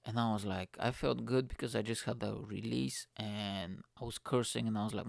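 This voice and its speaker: Gravelly, cursing man. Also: mid-range voice, a little fast, few pauses, dry recording, clean studio sound. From Bulgaria. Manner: profane, animated, lots of fillers. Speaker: podcast host. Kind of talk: casual comic rant.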